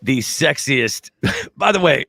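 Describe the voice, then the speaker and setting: A man's voice: medium pitch, animated, takes it slowly, creaky, bright, forceful tone, no echo. A man hosting a casual live show, joking around with his co-host and reading viewer comments. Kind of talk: casual live-stream chat.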